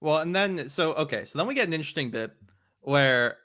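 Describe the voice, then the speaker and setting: Slightly high, bright man in easy chat. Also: animated, brisk. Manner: laid-back, laughing, quotes characters. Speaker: host. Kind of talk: casual chat about comics.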